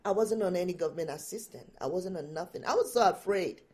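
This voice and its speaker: A woman guest and empowerment coach, telling personal stories with animated delivery and frequent laughter. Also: lowish voice, fast talker. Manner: animated storytelling, laughs often. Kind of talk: storytelling in an interview.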